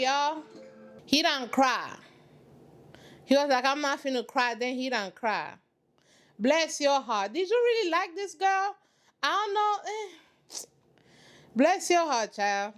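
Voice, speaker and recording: A woman hosting a reaction channel, giving sassy, emphatic commentary in casual slang. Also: high voice.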